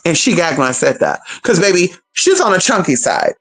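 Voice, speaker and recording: A woman vlogger telling a story to her viewers in a sassy, profane, animated way, with drawn-out pauses. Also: on the low side, slightly rough, soft background music.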